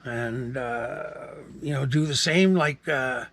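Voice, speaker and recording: Talking slowly in a medium-pitched, fairly bright voice, a man in his 60s from Canada chats to camera in a relaxed vlog. He's rambling and easygoing, often throwing in fillers and side remarks.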